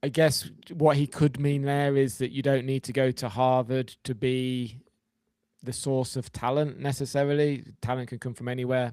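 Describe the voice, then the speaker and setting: Wry man co-hosting a podcast, mid-pitched, reads an essay and jokes, dry close sound. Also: level tone, normal speed, darkish tone, no echo. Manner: wry, jokey, reads then riffs. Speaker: podcast co-host. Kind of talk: casual chat reading an essay.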